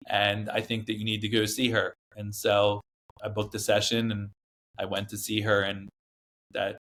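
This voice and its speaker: A man's voice: fairly low pitch, fairly bright tone. A man, a podcast guest, telling a personal story in a casual, earnest way, with lots of fillers and restarts.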